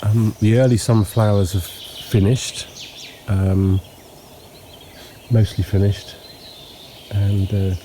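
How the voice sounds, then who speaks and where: A man with hay fever, sniffling and clearing his throat, casually narrating a walking tour outdoors at dawn. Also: lowish voice. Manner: relaxed, unhurried, frequent ums and pauses. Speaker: homestead vlogger. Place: outdoors in a countryside yard at dawn. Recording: faint outdoor noise with birds. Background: birdsong and insects.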